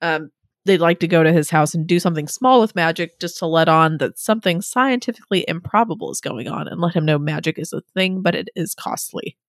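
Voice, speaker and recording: A young adult woman co-hosting a podcast, reading listener submissions with relaxed, rambling asides and frequent laughs. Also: on the low side, fairly quick, no room sound, studio quality. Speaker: podcast co-host.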